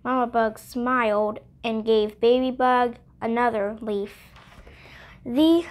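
Woman, picture-book read-aloud, high voice, unhurried, clear, expressive. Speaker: storybook reader. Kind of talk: children's read-aloud narration.

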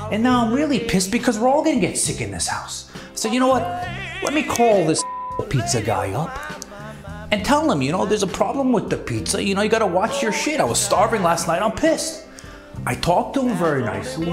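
A man's voice: sits high, echoey room. A man playing an arrogant, foul-mouthed rich father in a comedy prank, boastful and ranting.

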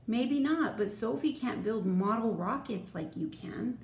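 A woman voicing a gentle, patient mother in a storybook, speaking softly and reassuringly. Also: fairly high pitch, unhurried. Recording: roomy echo, faint noise.

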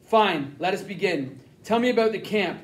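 A stern, cold German-speaking officer in an audiobook, clipped and crisp with quiet menace, as a man reads him. The voice sits high, and the room around it is echoey. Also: animated, moderate pace. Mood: menacing. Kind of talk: audiobook character reading.

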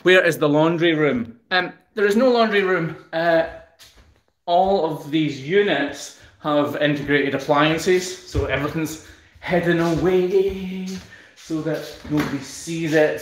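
A Scottish man chatting casually on a live stream at home, answering viewer comments with a relaxed, self-deprecating humour. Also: fairly high pitch, reverberant. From Scotland. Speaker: hoof trimmer and channel host. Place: room in his newly built house.

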